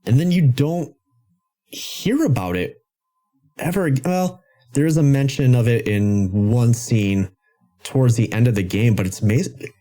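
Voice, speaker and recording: A man hosting a podcast about video games, ranting in an animated, sarcastic way. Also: mid-range voice, a little slow. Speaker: podcast host. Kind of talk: casual game-commentary podcast.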